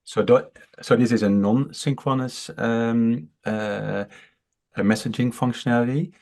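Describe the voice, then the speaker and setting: A man's voice: medium pitch, a little mellow. A man from the Netherlands with a Dutch accent, a startup founder who stutters, explaining his product with many fillers and restarts. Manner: explanatory, halting. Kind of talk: interview on a video call.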